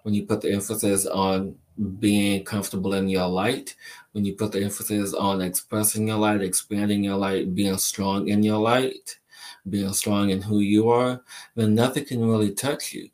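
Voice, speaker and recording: A man hosting a spiritual live show who answers viewers' questions, speaking slowly and deliberately, stacking repeated phrases for emphasis and calling listeners "my dear.". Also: lowish voice, level tone, darkish tone. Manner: affectionate, addresses listeners as my dear and my friend. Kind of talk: live-stream chat reading viewer questions.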